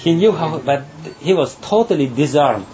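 A man giving a spiritual talk, telling a parable in a halting way and laughing often. His voice is somewhat high yet dark and mellow. The recording sounds dull and has faint background noise. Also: lively intonation. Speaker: spiritual teacher.

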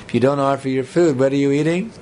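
A man's voice: medium pitch, quick pace, warm tone, a little hiss or hum. A man giving a spiritual talk to a live audience in a conversational, rambling way, with joking asides. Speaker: spiritual teacher. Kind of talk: sermon with audience banter.

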